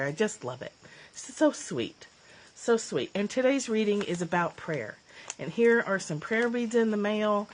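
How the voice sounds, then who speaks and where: A woman hosting a casual livestream from her phone, emotional and choked up, gushing and laughing, often clearing her throat. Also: mid-range voice. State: teary, choked up. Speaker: livestream host, former therapist.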